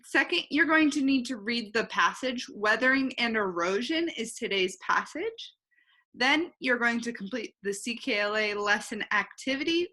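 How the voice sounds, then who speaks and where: A woman teacher giving a recorded online phonics lesson, talking slowly and clearly and saying each word twice. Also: fairly high pitch, bright, forceful tone.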